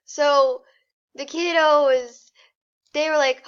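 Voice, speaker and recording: A high-pitched woman spins a silly story slowly and giggles as she goes. Her voice is dull and lo-fi, like a voice chat. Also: fairly bright tone. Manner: giggly, drawn-out narration. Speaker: storyteller in a group drawing game. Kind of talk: casual improvised storytelling.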